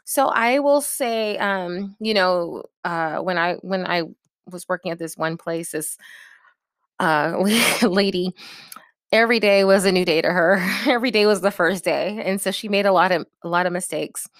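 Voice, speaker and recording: A woman's voice: lowish voice, moderate pace, no room sound, clean studio sound. Direct, coaching woman giving advice. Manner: direct, coaching, often checks in with "okay?". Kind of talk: casual advice talk to camera.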